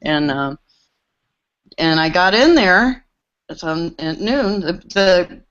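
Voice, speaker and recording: A woman with a fairly low voice tells studio stories in a casual, lively way. She acts out the quoted lines as she goes. The call audio sounds muffled and lo-fi. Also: takes it slowly. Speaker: recording engineer guest. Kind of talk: casual storytelling on a group call.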